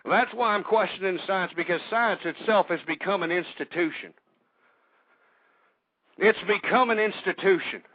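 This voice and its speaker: A man's voice: high-pitched, normal speed, long pauses, no echo. A man hosting a talk radio show, ranting with hostility and swearing often, and getting out of breath. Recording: dull lo-fi radio broadcast.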